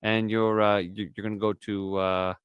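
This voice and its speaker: A man's voice: on the low side, flat delivery, moderate pace, clear, resonant tone, no room sound, muffled recording. A man hosting a casual stream chat, rambling and swearing freely. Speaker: stream host.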